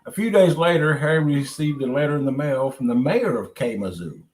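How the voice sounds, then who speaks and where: Guy reading a kids' book out loud, laid back and chatty, voice sits a bit high. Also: lively intonation, a little fast, low-quality recording. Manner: chatty, digresses to talk to others. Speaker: storyteller reading to viewers. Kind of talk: casual read-aloud storytelling.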